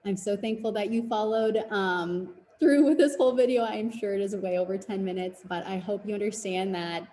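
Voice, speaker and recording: A woman's voice: mid-range voice, normal speed, few pauses, warm tone, echoey room, slight background noise, rough recording. A woman in her twenties, a fitness business coach, giving an earnest, encouraging webinar presentation. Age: 20s.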